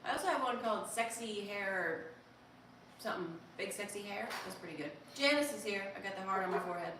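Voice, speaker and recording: Reading her chat aloud, a female live streamer speaks briskly in a medium-pitched voice, playfully reacting to viewers' comments. The background is noisy, and the audio comes from a distant mic in an echoey room with faint ambience.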